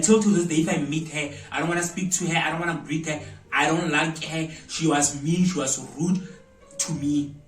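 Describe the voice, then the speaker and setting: A South African man spins a dramatic story, bursting into loud exclamations. His voice sits a touch high and sounds echoey, as if he is standing back from the mic. Faint music plays underneath. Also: recorded from a distance. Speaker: vlogger. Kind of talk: storytime vlog. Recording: roomy echo, voice away from mic, faint music.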